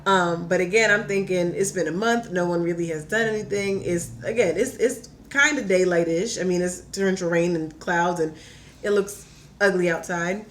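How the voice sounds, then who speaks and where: Young woman rambling through a story, lots of "like", a bit low for a woman, acts out what she said. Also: moderate pace, slight background noise. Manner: animated, says "like" a lot, acts out her own quotes. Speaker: podcast guest. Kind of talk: casual storytelling.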